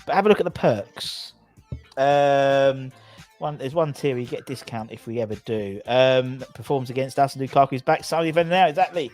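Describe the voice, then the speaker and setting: A man's voice: medium pitch, fairly quick, a little mellow, soft background music. A man hosting a casual football fan chat show, rambling through stories and reading out viewer comments. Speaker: podcast host.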